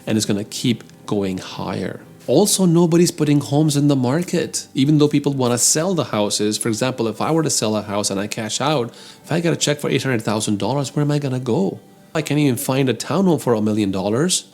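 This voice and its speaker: A man's voice: mid-range voice, expressive, brisk, darkish tone, faint music behind. A man hosting an opinionated commentary show on the economy. He talks emphatically, calls his listeners "folks" and grows heated as he argues. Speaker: host.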